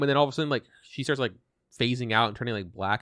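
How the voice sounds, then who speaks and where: A man co-hosting a podcast, sitting at a close mic in a dry, dead-sounding space. He retells scenes in a loose, animated way, slipping into quick quoted voices. His pitch sits mid-range for a man. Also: no room sound. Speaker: podcast co-host. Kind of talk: casual chat reviewing an anime.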